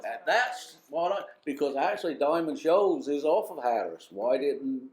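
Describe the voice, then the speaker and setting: A man's voice: on the high side, expressive, moderate pace, hardly any pauses. A man with a Harkers Island brogue, telling rambling fish-house stories to a live audience as co-host. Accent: Harkers Island brogue, coastal North Carolina. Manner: rambling, self-interrupting yarn-spinner. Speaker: storyteller co-host. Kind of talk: live storytelling before an audience. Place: museum parlor talk.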